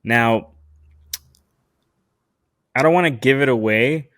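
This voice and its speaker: Profane, animated man telling a story. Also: medium pitch, takes it slowly, no echo, studio quality. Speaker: podcast host. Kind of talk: solo storytelling podcast.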